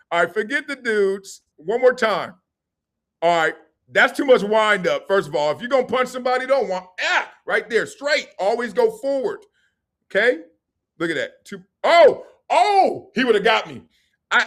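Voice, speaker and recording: A man hosting a live-streamed sports and culture talk show, reacting to a clip in an animated, slangy way and laughing often. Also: sits high. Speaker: host.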